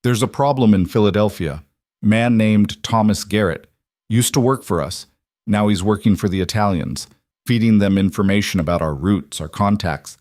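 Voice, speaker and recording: Soft dangerous mafia boss read by a man, lowish, dry close mic. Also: moderate pace, no echo, close to an everyday voice. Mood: menacing. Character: cold, menacing male crime boss.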